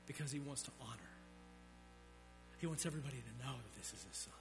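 A man preaching a sermon, swinging between loud emphatic peaks and low, quiet drops. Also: expressive, fast, over music. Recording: long reverb of a large hall.

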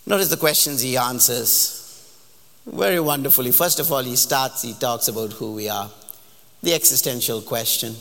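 A man preacher delivering a sermon with animated, emphatic storytelling in a large church hall. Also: mid-range voice, normal speed, creaky. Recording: long hall reverb.

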